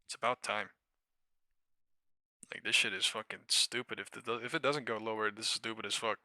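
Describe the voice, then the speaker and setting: Male trading streamer, profane and exasperated, very bright voice, dry close mic. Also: fairly low pitch, fairly even intonation, moderate pace, dry recording. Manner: profane, exasperated rambling about trades. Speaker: live stock trading streamer. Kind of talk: casual live-stream commentary.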